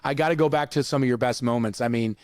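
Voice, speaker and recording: A man's voice: medium pitch, fast talker, a little mellow, no room sound, studio quality. A man in his fifties, a former volleyball player, recalling matches on a podcast in a chatty, enthusiastic way. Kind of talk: casual conversation.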